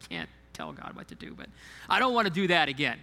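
Pastor guy preaching, kinda high bright voice, lots of hall reverb, keeps asking the room stuff. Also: huge pitch swings, quick pace, gravelly. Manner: conversational preaching, repeats words, asks the congregation questions. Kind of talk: sermon. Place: church sanctuary.

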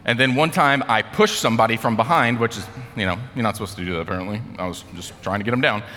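A man's voice: fairly low pitch, fast talker, pushed and bright, long reverb tail, slight background noise. An American man giving a casual sermon, telling a story in a chatty way with lots of fillers. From United States. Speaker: speaker.

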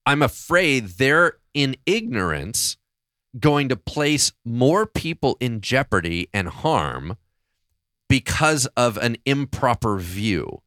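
A man's voice: mid-range voice, sharp tone, no room sound, studio quality. A man co-hosting a podcast in a casual discussion, telling stories expressively and acting out his own reactions. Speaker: podcast co-host.

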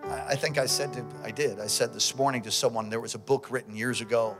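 A man preaching a sermon as pastor, with fervent call-and-response that swings between shouting and quiet storytelling. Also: mid-range voice, steady tone, fast, over music.

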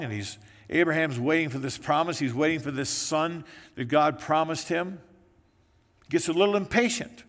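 A male pastor preaching a sermon, telling the story in a lively way and briefly acting out the voices of the people in it. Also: on the high side, moderate pace. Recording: echoey hall with long reverb.

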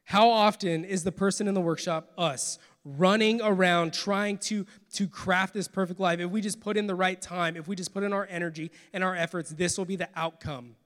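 Man preaching from the pulpit, earnest, dropping quiet then pushing loud; sits high in pitch, big reverberant church hall. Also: steady tone, normal speed, hardly any pauses. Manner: earnest, swings from soft to forceful. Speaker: pastor. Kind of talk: sermon.

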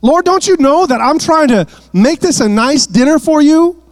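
A man's voice: extremely high pitch, sing-song, moderate pace, voice pushed up. A man voicing a frustrated, busy woman hostess who pleads and complains in exasperation. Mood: pleading.

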